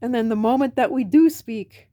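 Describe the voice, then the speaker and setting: A woman's voice: fairly high pitch, normal speed, dark tone, no room sound, highs cut off. An American woman vlogging in a casual late-night monologue to camera, rambling, self-mocking and profane. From United States. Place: home at night.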